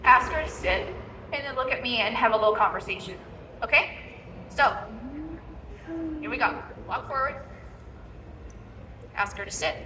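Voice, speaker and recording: Woman dog trainer, high voice, live demo, far off in a big echoey expo hall, faint ambience. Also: animated, moderate pace, long pauses, background noise. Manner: instructive, repeats "okay?" to check in. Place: large indoor expo hall.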